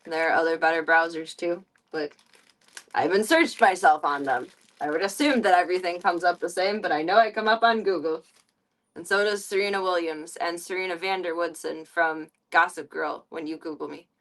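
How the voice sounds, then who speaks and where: A woman's voice: fairly low pitch, moderate pace, fairly bright tone. A woman streamer chatting casually on a live stream, playful and giggly as she rambles. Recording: voice a bit distant from the mic.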